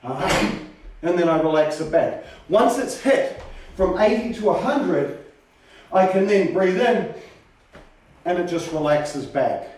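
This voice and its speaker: A man teaching a karate class, explaining technique and calling out sharp commands as he demonstrates. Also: sits high, lively intonation, a little slow, slight background noise. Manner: demonstrative, shouts sharp counting calls. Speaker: karate instructor. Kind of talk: teaching a martial arts class. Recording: roomy training hall, voice from far off.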